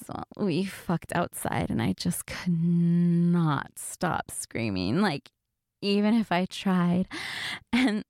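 A young woman recording explicit adult audio for listeners, giggly and drawn-out, close to the mic. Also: mid-range voice, very animated, a little mellow, no room sound. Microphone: close mic for headphone listeners.

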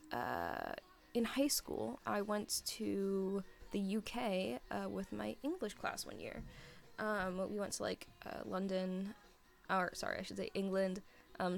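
A woman's voice: medium pitch, gravelly. A young woman in her twenties chatting casually as she answers listener questions, rambling and giggly, with many fillers. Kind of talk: casual chat.

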